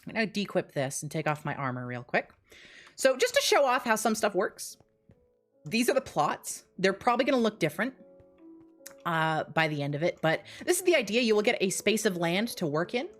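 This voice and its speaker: A young woman streaming live, out of breath and rushing through an excited walkthrough of her game mode, laughing between phrases. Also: mid-range voice, soft background music.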